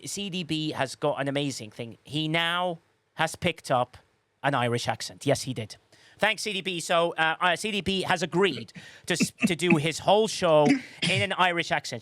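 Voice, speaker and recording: A man with a somewhat high voice hosts a relaxed livestream podcast and reads viewers' comments aloud. He rambles and restarts himself, with teasing sarcasm. The sound is close and dry, with no room echo. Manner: chatty, rambling, with frequent restarts and sarcastic asides. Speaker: podcast host. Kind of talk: casual livestream chat reading viewer comments.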